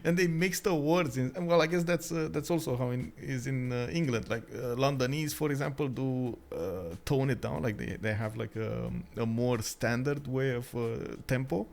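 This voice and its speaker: A man's voice: mid-range voice, normal speed, gravelly, hardly any pauses, darkish tone. Chatty man from Romania, casual banter. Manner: chatty, laughs often, many ums and uhs. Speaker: caster. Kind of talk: casual chat.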